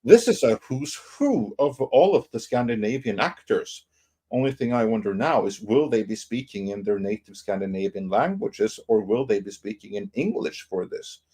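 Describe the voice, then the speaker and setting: A man co-hosting a casual podcast panel, presenting news in a relaxed, rambling way full of fillers. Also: lowish voice, normal speed, husky.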